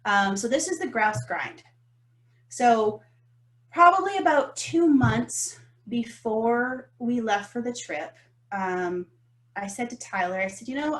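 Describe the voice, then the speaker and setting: Animated woman, roomy sound. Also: fairly high pitch, slow pace. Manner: animated, emphatic storyteller. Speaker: podcast co-host. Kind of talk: storytelling business talk. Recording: roomy echo.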